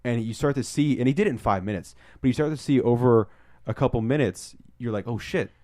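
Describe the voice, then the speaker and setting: A young man co-hosting a podcast, telling stories in a casual, excitable way, swearing often and acting out what people said. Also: mid-range voice, quick pace, no room sound, clean studio sound. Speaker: podcast co-host. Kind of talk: casual storytelling chat.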